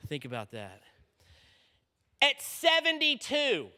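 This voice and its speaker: His voice is extremely high, with huge swings in pitch, a slow pace, and a sharp tone. As a conference speaker preaching to students, he tells a story with energy and keeps asking "okay?", his words ringing with long reverb in a large hall.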